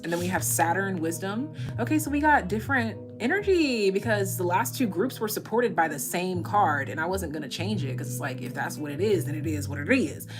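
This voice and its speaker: A woman's voice: fairly low pitch, expressive, fairly quick, hardly any pauses, over music. A woman doing a casual live tarot reading, chatty and rambling, swearing freely and laughing at her own jokes. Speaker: tarot reader.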